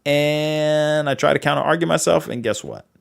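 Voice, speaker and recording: With a fairly high, creaky voice at a moderate pace, this young Boston-accented livestream host from New England rambles casually. He's animated and filler-heavy, performing the quoted dialogue he recounts.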